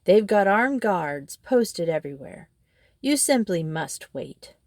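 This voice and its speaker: A woman's voice: medium pitch, sing-song, takes it slowly, darkish tone, dry recording. Storybook water rat, sensible and scolding, stern reproachful tone, dry close sound, voiced by a woman.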